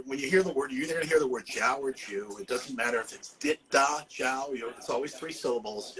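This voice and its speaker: A man's voice: mid-range voice, bright, forceful tone, low-quality recording. A man from Massachusetts, talking casually and jokingly as a herbalist guest, filling his speech with "you know". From Massachusetts, USA. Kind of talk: casual podcast chat.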